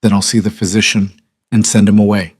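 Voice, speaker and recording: A man's voice: lowish voice, flat delivery, fairly quick, darkish tone, breathy edge, no echo, clean studio sound. A man reading a proud young noblewoman who answers in curt, clipped replies in an audiobook. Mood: guarded. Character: proud young noblewoman hiding a secret, guarded.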